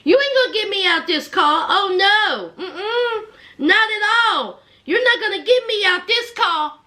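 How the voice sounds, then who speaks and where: A woman voicing a pushy, defiant middle-aged woman who scolds fast and refuses to move. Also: very high-pitched, lively intonation, sharp tone, full character voice.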